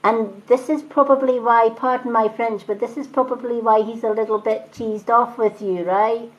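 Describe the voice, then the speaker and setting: A woman's voice: on the high side, fairly even intonation, normal speed, highs cut off. A woman giving a live spiritual reading, chatty and reassuring, often repeating phrases and asking "right?". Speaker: psychic reader.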